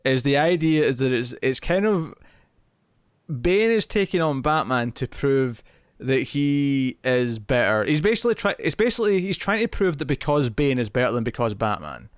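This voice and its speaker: A man co-hosts a comics podcast in lively, casual chat and laughs often. His pitch swings widely, and the sound is close and dry. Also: normal speed, clean tone, no echo. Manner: animated, laughs often, quotes movies. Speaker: podcast co-host.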